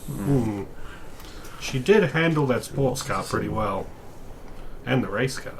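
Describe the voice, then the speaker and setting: A man's voice: mid-range voice, lively intonation, takes it slowly, slight background noise. A man playing in a tabletop game, talking in a jokey, offhand way. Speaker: player. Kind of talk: casual in-game chat.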